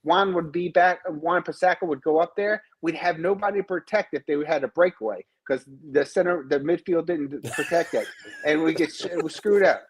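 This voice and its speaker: A man from Baltimore on a football fan show, talking fast in casual banter. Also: fairly high pitch, slightly rough, poor audio.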